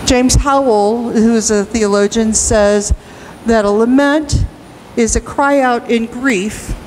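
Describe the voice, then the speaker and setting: A woman pastor preaching a sermon in a church, slow and emphatic, rising into cries at times. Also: on the high side, a little mellow, a little hiss or hum, low-quality recording. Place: church sanctuary.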